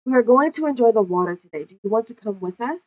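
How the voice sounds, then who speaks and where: A woman's voice: a little high, animated, quick pace, darkish tone, muffled recording. A woman voicing a mafia boss's girlfriend, light and inviting.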